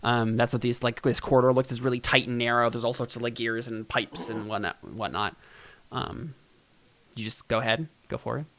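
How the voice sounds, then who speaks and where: Guy gm narrating a tabletop game, lots of ums and likes, middle pitch. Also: steady tone, fairly quick, a bit bright. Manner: rambling, full of "um" and "like". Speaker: game master.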